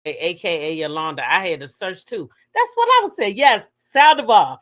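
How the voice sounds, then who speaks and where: A woman hosting a casual gossip livestream, talking with her chat, swearing freely and breaking into high shrieks as she retells her reactions. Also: sing-song, moderate pace. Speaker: livestream host.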